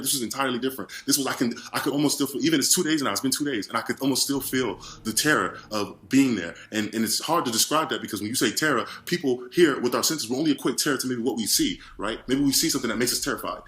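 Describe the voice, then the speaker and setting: Man telling his own testimony, quick delivery, frantic and full of restarts. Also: medium pitch, fairly bright tone. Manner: frantic, rambling, many restarts and repeated words. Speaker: witness giving a testimony. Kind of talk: personal testimony monologue.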